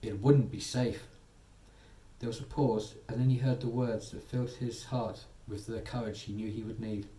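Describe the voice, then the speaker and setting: A man narrating a soothing bedtime story, gently voicing its characters. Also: lowish voice, steady tone, a little fast, hardly any pauses. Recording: echoey room, distant mic, faint ambience.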